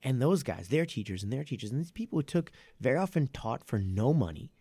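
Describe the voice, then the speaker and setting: Guy with a gravelly voice, rambly podcast chat, dry close mic, keeps correcting himself. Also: medium pitch, brisk, no room sound. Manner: rambling, self-correcting, animated when making a point. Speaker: martial arts academy owner and podcast host.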